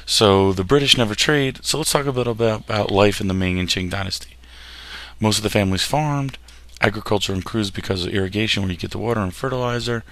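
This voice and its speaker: Speaking fast in a lowish, slightly bright voice, a man gives a relaxed, joking history lecture over slides, often stumbling on words and restarting them.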